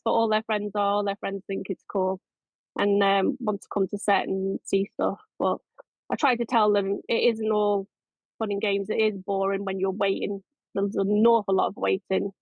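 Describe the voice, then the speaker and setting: A woman's voice: medium pitch, little pitch movement, moderate pace, creaky, dry recording. A middle-aged woman, a makeup and effects artist, chatting in an interview in a rambling way with many restarts. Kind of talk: casual interview chat. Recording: dry, tinny phone-like line.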